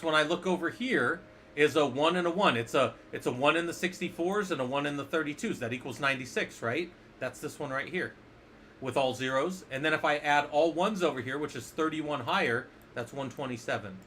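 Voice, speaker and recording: A man's voice: a little high, bright, forceful tone, slight background noise. A man teaching a casual screen-share lesson as an instructor, playful and jokey, often asking the viewers questions.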